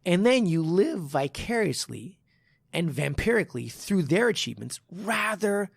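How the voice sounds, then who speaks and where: A man who hosts a podcast and teaches martial arts, telling stories in animated casual talk, acting out quotes and swearing. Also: high voice, a little slow, gravelly, husky, no room sound, clean studio sound. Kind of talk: casual chat.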